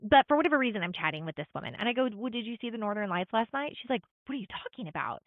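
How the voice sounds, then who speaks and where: A woman's voice: fairly high pitch, expressive, racing, dry recording. Middle-aged woman podcast host, rambly storytelling w lots of likes, tinny phone sound. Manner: storytelling with many likes and quoted asides. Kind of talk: casual chat.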